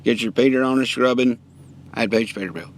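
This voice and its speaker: A man voicing a folksy, gruff and prudish redneck truck-shop owner, who gives blunt deadpan answers with lots of country slang in a lowered, drawling voice. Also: a little fast, natural voice. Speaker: online video creator answering viewer questions. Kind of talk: comedy character bit.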